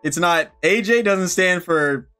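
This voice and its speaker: A man's voice: high voice, measured pace, pushed and bright, clean tone, faint music behind. A young man giving joking, profane commentary while playing horror games, answering the characters on screen. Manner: joking, profane, talks back to the game. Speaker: gaming YouTuber. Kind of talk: let's-play commentary.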